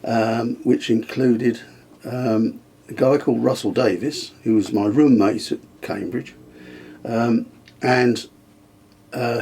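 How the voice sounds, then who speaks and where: A man's voice: lowish voice, a little mellow, slightly rough. An older man reminiscing in a casual interview, hesitant with frequent ums and restarts, chuckling now and then. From England. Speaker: interviewee, the host's father.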